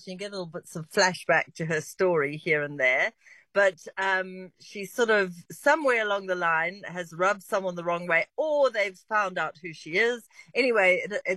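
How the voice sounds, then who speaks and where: A woman's voice: lowish voice, sharp tone, dry recording. A woman reviewing a TV series on the radio, chatty and rambling with many restarts. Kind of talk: casual radio chat. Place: radio studio. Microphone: close studio mic.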